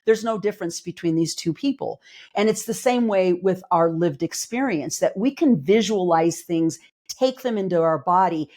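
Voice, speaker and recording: A woman's voice: fairly low pitch, animated, moderate pace, a little mellow. A woman clinical psychologist and life coach, explaining ideas earnestly in a casual podcast conversation, with emphatic, everyday examples.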